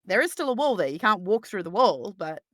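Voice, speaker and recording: A woman narrating a tabletop game as game master, playful and quick to laugh. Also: mid-range voice, sing-song, a bit bright, dry recording, studio quality.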